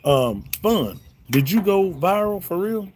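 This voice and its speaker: Middle-aged Southern man, livestream host, lively up-and-down delivery, joking and laid-back. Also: sits high, slow, a little hiss or hum. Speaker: YouTube host reading live chat. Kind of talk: casual livestream chat. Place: home, smoking a cigar on a livestream.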